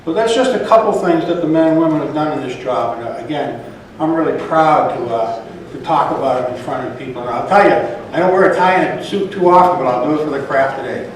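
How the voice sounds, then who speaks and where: Man, plainspoken speaker at a reception, slightly high voice, booming hall, heard from afar. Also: animated, slight background noise. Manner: plainspoken, halting with restarts. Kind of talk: informal speech to an audience. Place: large echoey reception hall. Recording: echoey hall, mic from far off.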